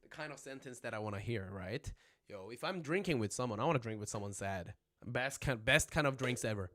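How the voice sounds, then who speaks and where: In a mid-range voice with lively intonation, a little fast and a bit bright, a young man livestreams a loose, rambling lesson. Filmed on a phone at home, he jokes, swears freely and keeps asking "right?".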